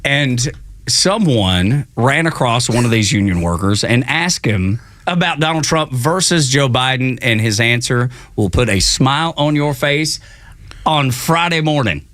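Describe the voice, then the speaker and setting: Animated Southern man on morning radio. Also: mid-range voice. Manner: animated, chuckles often, drawn-out storytelling. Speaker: radio show host. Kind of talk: casual morning radio chat. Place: radio studio. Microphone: studio microphone.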